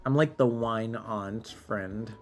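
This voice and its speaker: A man chats through a late-night game stream, sleepy and a bit tipsy, with a slow, drawling delivery. His voice has a gravelly fry as he trips over words and pokes fun at himself. Faint game music plays under his talk. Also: lowish voice. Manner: drawling, self-deprecating, stumbling over words. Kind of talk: casual live-stream commentary, translating French game text.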